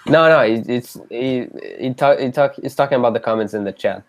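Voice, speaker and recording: A man guesting on a casual live stream, reading chat comments aloud hesitantly, with quick bursts. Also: medium pitch.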